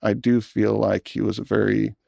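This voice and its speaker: A man, a film director, talking in an interview in a thoughtful, earnest way with halting restarts. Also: fairly low pitch, little pitch movement, gravelly, dark tone, dry recording, studio quality. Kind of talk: reflective interview talk.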